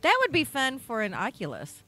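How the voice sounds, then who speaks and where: A woman co-hosts a relaxed movie podcast. Her pitch moves all over the place as she talks. She reacts quickly and expressively to the others. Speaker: podcast co-host. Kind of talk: casual podcast chat.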